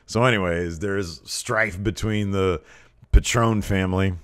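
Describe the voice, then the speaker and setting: Low-voiced male podcast host, loose rambling recap style. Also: steady tone, a little slow, a bit bright, clean tone. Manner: rambling, lots of ums and asides; mimics wrestlers in raised voices when quoting. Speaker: podcast host reviewing wrestling. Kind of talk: casual recap.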